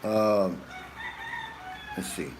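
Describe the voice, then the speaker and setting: A man's voice: lowish voice, drawn-out words. A middle-aged man hosting a casual live stream, reading viewer comments aloud and answering them in an earnest, emphatic way, often calling viewers "man" and "brother".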